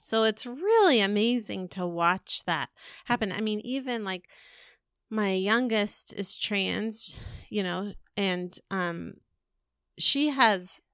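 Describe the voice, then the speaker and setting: A woman's voice: mid-range voice, expressive, takes it slowly, a bit bright, smooth, dry recording, studio quality. A woman in her forties co-hosting a podcast, chatting casually and rambling with lots of fillers and restarts. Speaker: podcast co-host. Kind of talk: casual chat.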